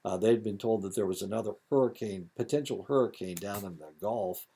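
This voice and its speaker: A man's voice: fairly low pitch, a little fast, mellow, slight background noise. A man in his seventies with an Indiana accent, giving a recorded lecture in a rambling, digressive way with many fillers and asides. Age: 70s.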